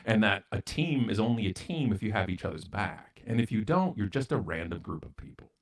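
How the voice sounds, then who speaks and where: A Canadian man, invited as a guest speaker, narrates a story in an interview, animated and brisk in a fairly low voice. He's blunt and self-mocking, acting out each side of the conversation.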